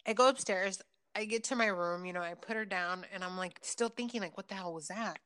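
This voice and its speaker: A woman in her thirties hosting a casual chat, telling a personal story with many fillers and lively retelling. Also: medium pitch, a little fast, clean tone.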